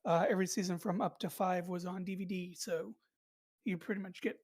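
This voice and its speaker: A woman's voice: lowish voice, fairly even intonation, brisk, a little mellow, husky. A woman hosting a podcast in casual chat, rambling with many fillers and restarts. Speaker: podcast host.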